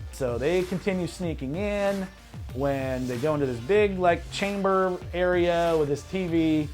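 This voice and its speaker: A man's voice: a little high, a little slow, darkish tone, soft background music. A man hosting a casual movie review show, retelling the plot in a loose, heavily profane way. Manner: heavy swearing, loose storytelling. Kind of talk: casual spoiler recap and review.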